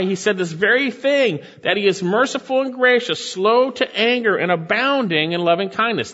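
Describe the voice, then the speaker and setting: Earnest preacher in a reverberant hall. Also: male voice, medium pitch. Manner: earnest and animated, rising sharply for emphasis. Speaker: pastor. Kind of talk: verse-by-verse sermon. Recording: dull sound with long hall reverb.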